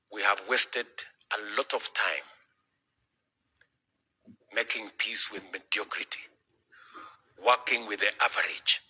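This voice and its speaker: A man's voice: fairly low pitch, bright, forceful tone, slightly rough, poor audio. A man with a Kenyan accent giving an emphatic public speech to church leaders, repeating his key phrases. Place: conference hall.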